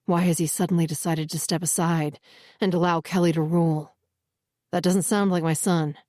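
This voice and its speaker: A woman voicing an older male werewolf leader, a former alpha, rough and stern with grief in his hushed voice. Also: on the high side, flat delivery, normal speed, no echo, studio quality, lightly acted. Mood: low puzzled.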